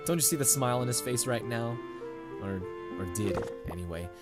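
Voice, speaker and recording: A man's voice: medium pitch, animated, brisk. A man hosting a let's play, chatting and joking in a rambling way over his gameplay, on a condenser mic. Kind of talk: game commentary. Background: game music.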